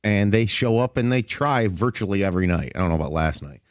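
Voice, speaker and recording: Male sports radio analyst, lower voice with lively pitch, even-keeled, dry mic. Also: fast talker, no echo. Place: radio studio. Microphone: studio microphone.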